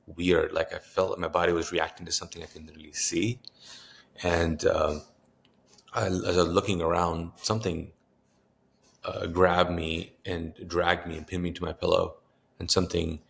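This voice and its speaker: A man's voice: sits low, gravelly, a bit bright, a little hiss or hum. A man in his fifties, a pastor, earnestly recounting a personal story in an interview and acting out the voices of people he quotes. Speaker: pastor and author, interview guest.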